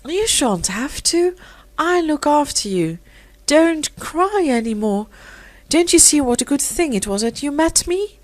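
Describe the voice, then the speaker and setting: Eager, gushing society lady, read by a female narrator; high and lively, dry close sound. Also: measured pace, no echo. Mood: soothing. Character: rich, impulsive young society lady.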